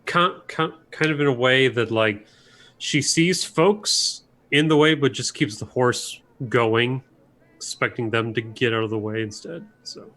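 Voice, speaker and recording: A man's voice: medium pitch, a little slow, fairly bright tone. A man playing a tabletop game, describing his character's actions in a casual way. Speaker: player.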